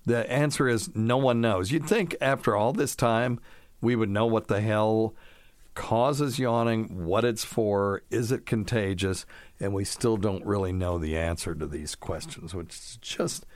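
A middle-aged man with a very low voice hosts a casual call-in radio show. He talks bluntly and offhandedly and tosses in scoffing asides. The sound is close and dry. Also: measured pace, dry recording. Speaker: radio show host answering caller questions.

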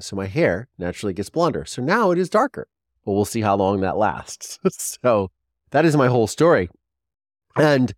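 Low-voiced man telling a rambling story. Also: dry recording, studio quality. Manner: rambling, animated, with restarts and acted quotes. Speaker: podcast host. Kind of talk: casual storytelling monologue.

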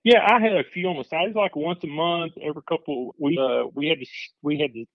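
A fast-talking caller with a fairly high voice and a West Texas accent phones in to a podcast, chatting in an easygoing, slightly hesitant way. There's no room sound, and the line is dull and lo-fi.

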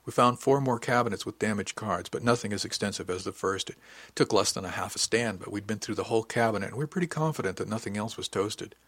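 A man narrating an audiobook in steady, matter-of-fact first-person storytelling. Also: on the low side, fast, no echo.

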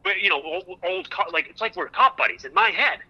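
A man calling in to a talk show, telling a long story in an excitable, rambling way and repeating himself. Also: sits high, a little fast, rough recording. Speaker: guest comedian. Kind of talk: animated storytelling on a call-in show.

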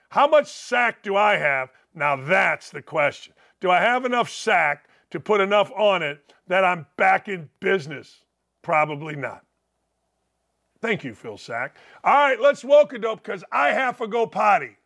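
Brash gravelly sports-talk man. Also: sits high, animated, unhurried. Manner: brash and jokey, shouting picks. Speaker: sports talk show host. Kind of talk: loud sports betting talk.

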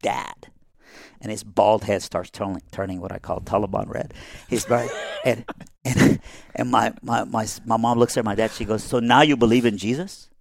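A middle-aged man from Iran, a podcast guest, telling a family story in an animated way and acting out the people in it. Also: fairly low pitch, moderate pace, gravelly.

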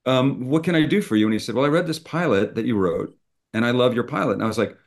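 A man's voice: medium pitch, fast. A middle-aged man, a screenwriter, telling a story in conversation and acting out both sides of old phone calls. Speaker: screenwriter guest.

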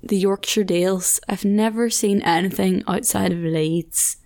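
A young woman with a southern Irish accent, hosting a podcast in casual chat, laughing often and adding quick asides. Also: medium pitch, mellow. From Ireland. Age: 20s. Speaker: podcast host.

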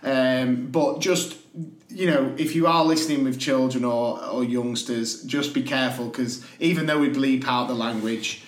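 A man's voice: medium pitch, steady tone, a little slow. A man co-hosting a casual podcast, breaking into laughing mock rants. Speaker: podcast co-host and teacher. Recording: echoey room.

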